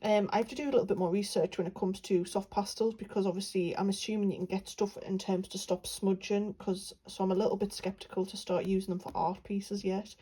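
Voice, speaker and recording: A young woman from England chats her way through her paint swatches, rambling and filling pauses as she goes. Her voice is mellow and a little husky. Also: medium pitch, level tone, poor audio. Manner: chatty, rambling, many fillers. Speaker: art vlogger. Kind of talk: casual chat while swatching paints.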